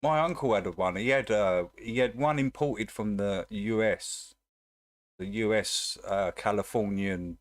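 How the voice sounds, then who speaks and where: A man's voice: fairly low pitch, unhurried, dry recording, studio quality. A man with an Essex accent chatting casually and joking as a livestream host. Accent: Essex English. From England. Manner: laughing, joking commentary. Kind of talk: casual live chat.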